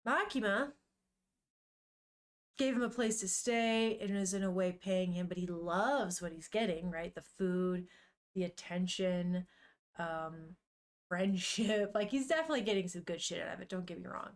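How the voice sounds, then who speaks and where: At a moderate pace and in a lowish voice, a young woman live-streams a casual chat and read-along, reading a manga aloud to viewers and occasionally swearing.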